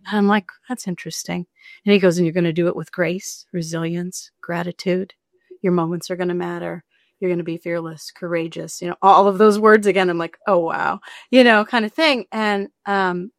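In a studio-quality recording free of room sound, a woman with a lowish voice is interviewed as an author. She rambles through a personal story in casual conversation, animatedly performing the voices of those she quotes.

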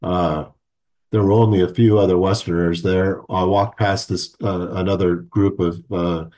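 A man's voice: low voice, level tone, moderate pace, warm tone. A man, a homeopath guest, telling a rambling story in conversation with many fillers and restarts. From United States.

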